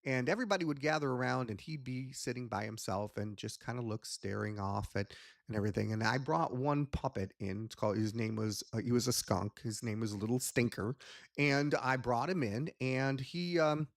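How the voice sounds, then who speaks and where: A man hosting a casual teaching talk as a hypnotist, rambling and animated with many pauses and restarts. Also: medium pitch, vocal fry, no room sound, clean studio sound. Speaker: hypnotist and ventriloquist host.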